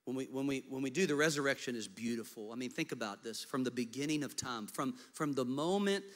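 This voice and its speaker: A man preaching a sermon as pastor, animated in storytelling and dropping to soft, intimate tones. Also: medium pitch, a little fast.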